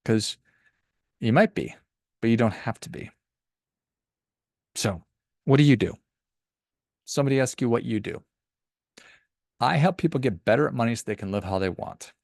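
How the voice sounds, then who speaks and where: Give me an encouraging man with a gravelly voice hosting a finance podcast, recorded dry and close. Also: medium pitch, normal speed, long pauses, darkish tone, no echo. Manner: emphatic, encouraging. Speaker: podcast host and financial advisor. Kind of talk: motivational podcast monologue.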